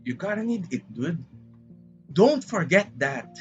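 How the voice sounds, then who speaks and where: A man's voice: sits high, sing-song, measured pace. A man from the Philippines with a Filipino English accent, chatting casually on a livestream, rambling and dramatic as he talks straight to his chat. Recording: dull lo-fi stream audio. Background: faint background music.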